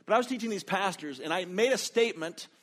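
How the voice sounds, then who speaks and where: A pastor telling a sermon story, his fairly high voice lifting sharply whenever he quotes someone. He preaches in an animated, storytelling way. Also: fast. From North America.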